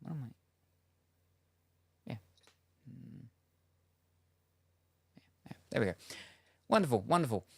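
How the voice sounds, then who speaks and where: Young man, casual streamer chat, rambling and playful, mid pitch, dry close sound. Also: very animated, slow, vocal fry, pauses often, slightly rough, no echo. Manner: rambling, playful, reads chat messages aloud.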